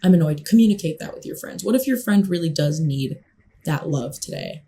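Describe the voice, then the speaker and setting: A woman's voice: low voice, animated, normal speed, creaky, dark tone. Emphatic, foul-mouthed young woman. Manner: emphatic, profane, passionate. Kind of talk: casual monologue.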